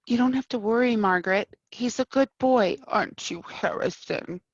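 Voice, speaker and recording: Woman playing a patient therapist, measured, soothing, husky, dull dry recording. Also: on the high side, no room sound, lightly acted. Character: calm, patient male therapist. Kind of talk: live play reading.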